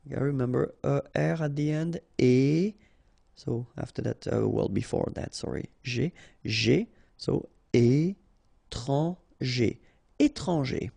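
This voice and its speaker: A native French-speaking man with a French accent, a teacher running a pronunciation drill who slowly and patiently repeats and spells out each word. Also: medium pitch, expressive, creaky, dark tone, breathy edge, no room sound. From France.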